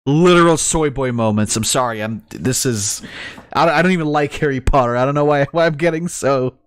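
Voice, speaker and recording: A man's voice: mid-range voice, brisk, smooth, dry recording, clean studio sound. A male streamer reacting to a video, ranting profanely and laughing often.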